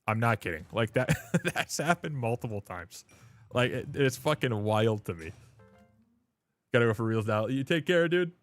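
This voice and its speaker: Low-pitched guy for loose, profane live-stream chatter with quiet music underneath. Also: lively intonation, normal speed, no echo. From Canada. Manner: loose and chatty, swears freely, laughs often, calls people dude and brother. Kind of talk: casual live-stream chat.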